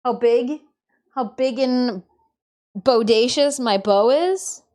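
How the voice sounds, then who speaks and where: A woman from Michigan chatting casually on a live stream while she cooks, swearing freely and often dropping to a quiet mutter. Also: on the high side, takes it slowly. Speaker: livestreamer.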